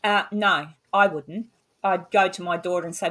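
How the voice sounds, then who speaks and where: A woman's voice: lowish voice, steady tone, moderate pace, a bit bright. A woman chatting casually as a guest, blunt and talkative, swearing freely. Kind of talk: casual chat.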